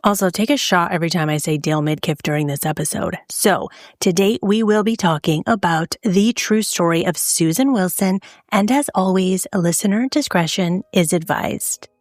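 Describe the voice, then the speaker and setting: A woman hosts a true crime podcast in a low-pitched, chatty voice, joking and laughing as she goes. The sound is dry and close, with no room around her. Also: moderate pace, hardly any pauses, no echo. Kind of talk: casual podcast monologue.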